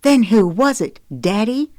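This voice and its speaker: A woman voicing a fiery, quick-tempered young woman who speaks in a sharp, heated way in an audiobook. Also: medium pitch, animated, no room sound, clean studio sound, voice pushed up, close to an everyday voice.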